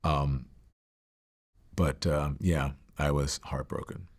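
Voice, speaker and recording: Low gravelly man telling his story. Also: fairly even intonation. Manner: reflective, halting, many fillers and restarts. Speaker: interview guest. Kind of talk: candid personal storytelling.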